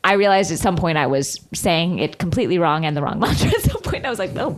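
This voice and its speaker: A woman's voice: fairly low pitch, big pitch swings, fast, background noise. A woman in her thirties co-hosting a podcast, chatting casually, rambling with lots of "like"s and frequent laughs. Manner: laughs often, rambling with many "like"s. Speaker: podcast co-host. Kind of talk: casual chat.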